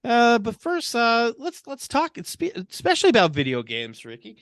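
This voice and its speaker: Chatty podcast co-host, lively pitch. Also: male voice, moderate pace, dry recording, clean studio sound. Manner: many uh fillers, laughs easily, upbeat. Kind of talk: casual podcast chat.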